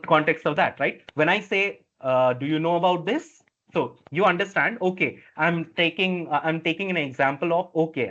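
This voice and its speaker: A male instructor with an Indian English accent giving a classroom lecture, halting and repetitive, checking in with "right?" after nearly every phrase. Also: on the high side, fairly bright tone, highs cut off.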